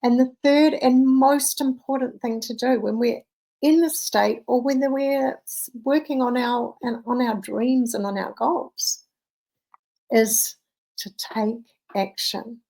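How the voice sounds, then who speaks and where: Gravelly-voiced woman mindset coach. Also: fairly high pitch, fairly even intonation, slow, rough recording. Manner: storytelling, reflective, gently instructive. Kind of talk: motivational talk with personal story.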